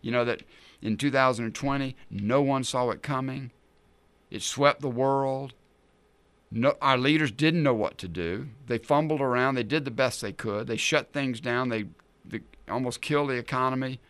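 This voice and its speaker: Middle-aged pastor, chatty sermon, rhetorical questions, crisp and dry. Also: male voice, medium pitch, moderate pace, fairly bright tone, no echo. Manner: conversational preaching, rhetorical questions.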